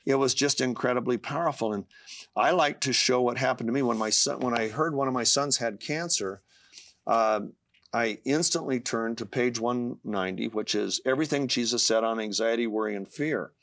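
A man's voice: mid-range voice, moderate pace, a bit bright, no echo, studio quality. Earnest older man reading scripture passionately. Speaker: author guest. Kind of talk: interview.

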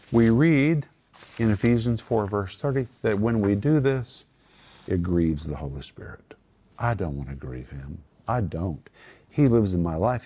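A man's voice: lowish voice, mellow, slightly rough. A man co-hosting a Christian talk show, teaching a Bible passage in an earnest, emphatic way and drawing out his key words. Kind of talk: sermon-like teaching.

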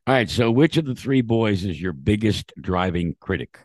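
A man hosts a motorsport interview, his voice sitting a little low. He asks polished, lively questions, and the recording sounds dry and close with no room echo. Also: moderate pace. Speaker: interview host. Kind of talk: broadcast interview.

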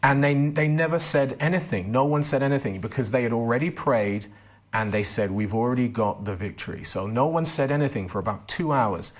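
Speaking at a fairly quick clip with a medium-pitched voice, this male interview guest recounts his own testimony in earnest. He often breaks off and starts his sentences over.

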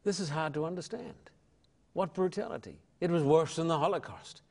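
Fervent older Australian preacher. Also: male voice, on the high side, normal speed, vocal fry, darkish tone. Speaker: evangelist and pastor. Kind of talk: interview answers.

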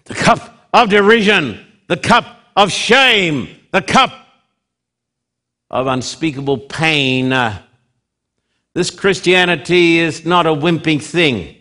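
A man preaches with a slightly high voice, taking his time over each phrase. He builds lines up to loud peaks, then drops to a near hush. His delivery is dramatic and full of repetition. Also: expressive. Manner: dramatic, swinging between loud emphasis and hushed drops; slow, deliberate phrasing with repetition. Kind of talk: sermon.

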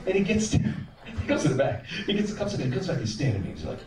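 A man telling an animated comic story on stage, acting out voices. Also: sits high, quick pace, crowd noise. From American South. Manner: animated, acts out voices and sings bits. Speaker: stand-up comedian. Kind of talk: stand-up storytelling. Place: comedy club stage. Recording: roomy club sound from a distance.

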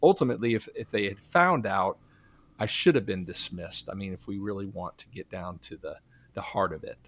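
A man's voice: low voice, brisk, a bit bright. A man giving a testimony in an interview, earnest and preacherly, often quoting scripture. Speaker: guest, Christian minister.

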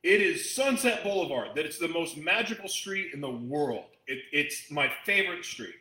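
A man's voice: on the high side, lively intonation, normal speed, sharp tone, reverberant, rough recording. A man hosting a talk, chatting to his audience in a rambling, emotional way with frequent restarts. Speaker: host addressing an audience. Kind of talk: casual storytelling talk.

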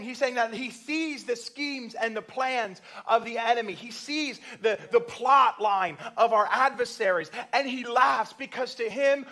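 A man's voice: sits high, bright, forceful tone. A man preaching a church sermon with passion, acting out prayers and the voice of God as he tells a story. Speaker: pastor.

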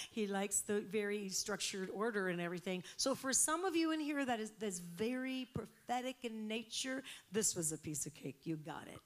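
A woman in her fifties preaching a sermon, animated and laughing, moving between soft whispered prayer and loud exclamations. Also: mid-range voice, normal speed, few pauses. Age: 50s.

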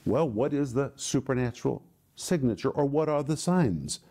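A man hosting a ministry broadcast, teaching the Bible in an emphatic way and slowing down to stress key words. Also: medium pitch, animated, mellow, husky.

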